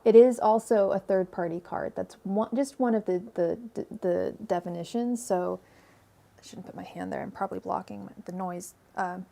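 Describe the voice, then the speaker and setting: Her voice is warm and creaky, mid-range, moving at normal speed. She's a Californian-accented tarot reader on a casual livestream, chatty and rambling, with frequent fillers, restarts and laughs. She records with her own microphone at home.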